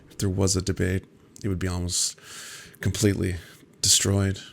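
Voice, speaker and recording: A man putting on a hushed pompous intellectual. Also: monotone, vocal fry. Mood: smug. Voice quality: low, hushed, drawn-out.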